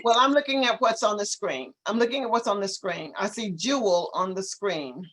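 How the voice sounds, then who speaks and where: A woman teaching an online English class, patiently correcting students and modelling words slowly over a video call. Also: medium pitch, fairly bright tone.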